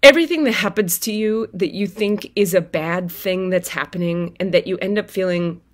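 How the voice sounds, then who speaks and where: A woman telling viewers a personal story in a casual, animated way, swearing freely and acting out her own outbursts. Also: mid-range voice, moderate pace. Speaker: tarot reader and spiritual vlogger.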